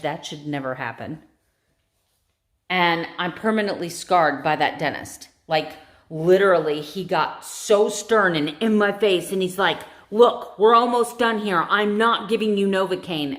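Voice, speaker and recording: A woman's voice: lowish voice, a bit bright. Chatty, emotional woman vlogger. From United States. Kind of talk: casual chat to camera.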